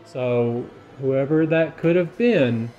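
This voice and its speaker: A man hosting a ghost-hunting investigation, measured and explaining things logically, with some crude joking. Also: medium pitch, warm tone, lo-fi sound, a little hiss or hum. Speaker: paranormal investigator host. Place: old hotel at night.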